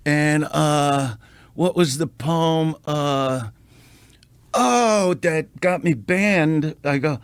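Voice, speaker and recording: A man's voice: a little high, takes it slowly, no echo. Brash profane man telling a showbiz story. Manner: profane, animated, building to punchlines. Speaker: podcast guest, stand-up comedian. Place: podcast studio.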